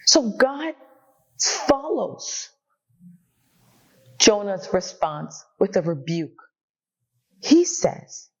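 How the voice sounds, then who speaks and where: Woman, Bible teacher, slow deliberate delivery, acts out dialogue, slightly muffled recording. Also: a little high, a little mellow.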